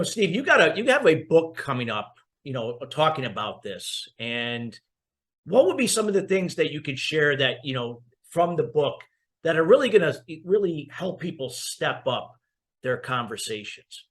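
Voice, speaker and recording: A man's voice: fairly high pitch, big pitch swings, normal speed. A man hosting an interview show, chatting casually and affirming his guest's points. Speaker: podcast host. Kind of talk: interview host chat.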